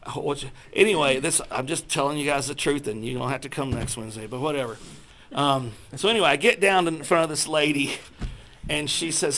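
A man telling a self-deprecating personal testimony to a church group, acting out his own thoughts in lively voices. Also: a little high, a little fast. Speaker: speaker sharing a personal testimony.

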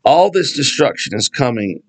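A man's voice: medium pitch, big pitch swings, moderate pace, slightly rough, rough recording. A man leading a casual Bible study, talking conversationally with asides and reading scripture passages aloud. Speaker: Bible teacher.

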